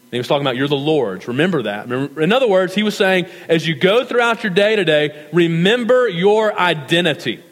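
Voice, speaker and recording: A male pastor preaching a sermon in a church, earnest and measured, slowing down for scripture and prayer. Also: high-pitched, expressive, fairly bright tone. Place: church sanctuary. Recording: reverberant hall.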